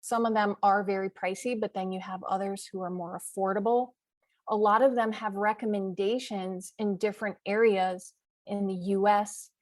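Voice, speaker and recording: A woman's voice: mid-range voice, steady tone, moderate pace, no echo. Chatty woman guest, dry close sound. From US East Coast. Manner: chatty, enthusiastic, lists examples with frequent fillers. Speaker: podcast guest, author. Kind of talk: casual interview chat.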